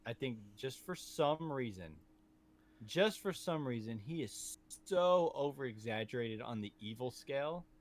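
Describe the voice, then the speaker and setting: A man co-hosting a podcast, talking casually about a movie in a rambling, animated way that often trails off and restarts. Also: mid-range voice, a little slow. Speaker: podcast co-host.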